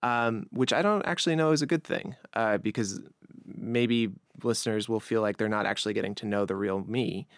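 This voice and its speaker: Male podcast host, faint Long Island accent, lowish voice, relaxed chatty delivery, dry close recording. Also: brisk, no room sound. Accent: light Long Island. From New York, Long Island. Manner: relaxed, chatty, many restarts. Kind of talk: conversational interview.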